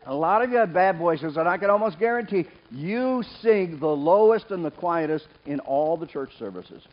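A man preaching a sermon in church, lively and joking, calling on members of the congregation by name. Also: a little high, a little fast. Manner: lively, jokes with the congregation, calls out names. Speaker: pastor. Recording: dull sound with faint noise.

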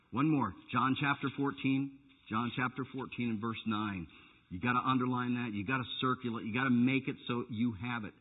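A male pastor preaching a sermon in church, animated and teasing his congregation now and then. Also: mid-range voice, normal speed. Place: church sanctuary. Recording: tinny phone-like church recording.

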